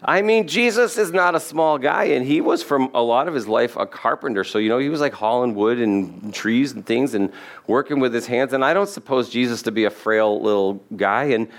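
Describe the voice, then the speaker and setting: A man's voice: medium pitch, normal speed. Man preaching a conversational sermon. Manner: conversational, humorous asides. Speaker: pastor. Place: church sanctuary.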